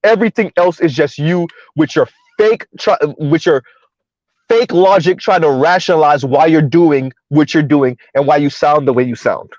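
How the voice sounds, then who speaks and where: A man's voice: fairly high pitch, normal speed, darkish tone, no echo, highs cut off. Sarcastic man hosting a dry live stream. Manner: mocking, sarcastic, talks to chat. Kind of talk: casual live-stream commentary.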